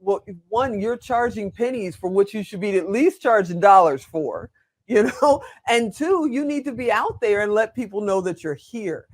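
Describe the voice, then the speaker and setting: A man's voice: high-pitched, expressive, moderate pace. An older man hosting an interview show, chatty, frank and enthusiastic. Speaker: host.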